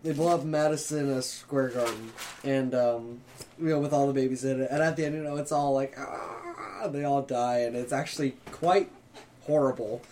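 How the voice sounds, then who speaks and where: A man's voice: mid-range voice, a little fast, slight background noise. A man in casual chat, swearing and laughing as he retells a movie scene. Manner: laughing, profane, animated retelling.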